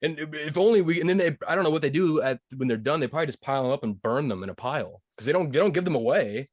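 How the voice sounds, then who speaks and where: A man co-hosting a podcast, retelling a movie in a rambling, animated way with lots of fillers. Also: on the high side, rapid-fire, no echo, studio quality. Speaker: podcast co-host. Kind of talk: casual chat.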